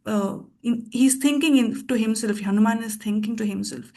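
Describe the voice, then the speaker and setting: A woman teaching a scripture class, telling a story in a thoughtful, pausing way with restarts. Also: a little high, warm tone. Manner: thoughtful, with frequent pauses and restarts.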